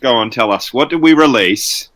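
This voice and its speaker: A man's voice: mid-range voice, lively intonation, normal speed, fairly bright tone, natural voice, low-quality recording. A man voicing a cheerful, naively friendly pacifist wizard in a tabletop game. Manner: friendly, disarming, light.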